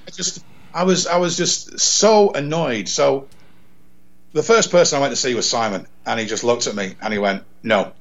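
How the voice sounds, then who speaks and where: A man from England, a radio presenter, telling an animated story in casual chat, repeating words and acting out dialogue. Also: mid-range voice, normal speed, gravelly, highs cut off. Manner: rambling, repeats words, acts out quoted dialogue. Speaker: radio presenter, podcast guest.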